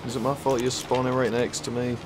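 A man's voice: medium pitch, little pitch movement, fast, very noisy. A young British man taunting another player in online game voice chat, laughing often and swearing casually. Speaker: YouTube gaming creator. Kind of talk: teasing gaming voice chat.

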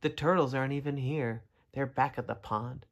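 A man voicing an excitable young male turtle for a children's storybook, squealing high and loud. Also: normal speed, natural voice. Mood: eager.

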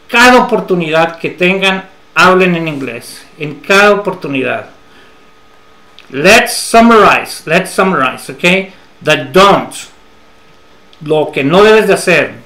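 Slow, high-voiced bilingual teacher man. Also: pushed and bright, echoey room, low-quality recording. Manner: repeats key phrases slowly in English, then gives them in Spanish. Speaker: English teacher. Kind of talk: bilingual English lesson.

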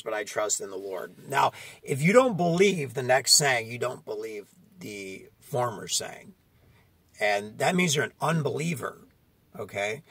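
A man's voice: medium pitch, lively intonation, measured pace, creaky, fairly bright tone, slightly rough, no room sound. A man preaching a fiery sermon, confronting his listeners and often asking "okay?" between his points. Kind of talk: street-style sermon.

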